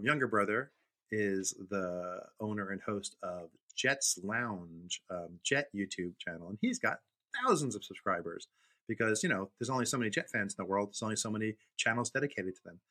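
A man's voice: lowish voice, moderate pace, sharp tone. A middle-aged man from Brooklyn co-hosting a podcast in casual chat, telling anecdotes and acting out the voices in them. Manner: storyteller, acts out voices in anecdotes. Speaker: podcast co-host.

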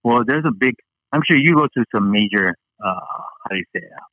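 A man's voice: mid-range voice, expressive, a little fast, no echo, muffled recording. A man from Hawaii, a guest chatting casually and rambling with many fillers and restarts. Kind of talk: casual interview chat.

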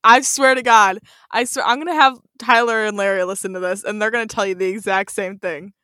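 A woman's voice: medium pitch, steady tone, brisk, sharp tone, no room sound, studio quality. A woman co-hosting a podcast, laughing often and pushing back in a teasing way. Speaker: co-host. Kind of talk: casual podcast chat.

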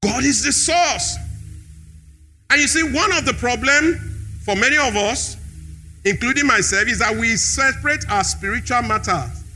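A man's voice: extremely high pitch, expressive, normal speed, pushed and bright, soft background music. A man preaching a sermon in a church hall, repeating key phrases with emphasis.

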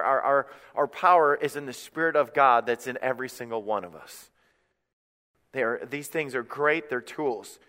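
A male pastor delivers a sermon with rising passion, often stammering and restarting before pressing his point. His voice sits a bit high and sounds bright and forceful. A long church reverb trails each phrase. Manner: impassioned, rising to near shouts, with stammered restarts.

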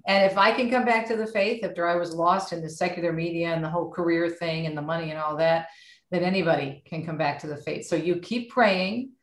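A middle-aged woman, a radio host, chatting with warm encouragement in a casual podcast conversation. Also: on the low side, brisk. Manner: warm, animated and encouraging, speaks of faith. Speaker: radio host and author guest. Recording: roomy echo.

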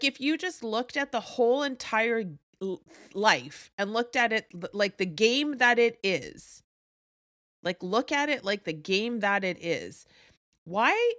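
A woman's voice: medium pitch, a bit bright, no echo. Young woman podcast host, blunt motivational coach voice, swears freely, close dry mic. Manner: blunt, profane, emphatic coaching.

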